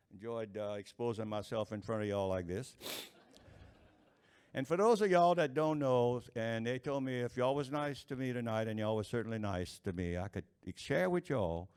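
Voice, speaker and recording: A man telling folksy jokes to a live audience, chuckling at his own punchlines in an unhurried drawl. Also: medium pitch, a little mellow, clean tone. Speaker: stand-up storyteller.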